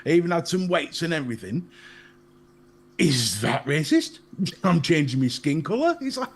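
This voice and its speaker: A man's voice: on the high side, sing-song, moderate pace, slightly rough. A man with a Northern English accent co-hosting a casual live chat show, ranting bluntly and swearing, laughing at his own jokes. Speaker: podcast co-host.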